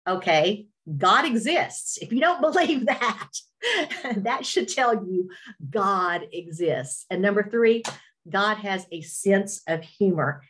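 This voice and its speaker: A woman's voice: medium pitch, animated, takes it slowly, fairly bright tone. A middle-aged woman with an Appalachian Southern accent tells her story on a webinar, with self-deprecating humor and talk of her faith. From Virginia, USA. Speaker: radio host, webinar speaker. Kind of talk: personal testimony talk. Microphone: webinar video call.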